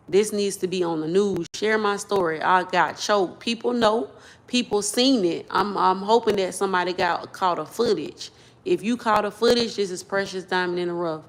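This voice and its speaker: A young woman vlogging into her phone, telling a personal story in a loose, rambling way and repeating herself as she gets worked up. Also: mid-range voice. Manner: casual, loose grammar.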